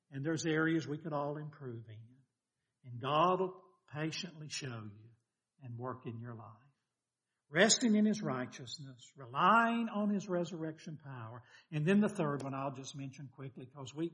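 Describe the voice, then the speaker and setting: An older man preaching a sermon, folksy and animated, firing questions at the congregation. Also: fairly high pitch.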